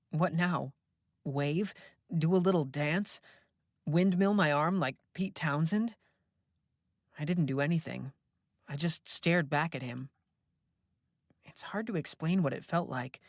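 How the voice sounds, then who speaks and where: Slow, measured audiobook narrator. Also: medium pitch, no echo, studio quality. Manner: measured, reflective. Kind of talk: first-person horror audiobook narration.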